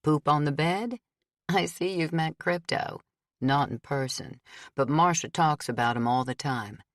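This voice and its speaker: A woman's voice: low voice, measured pace, no room sound. Woman doing a dry wry male detective.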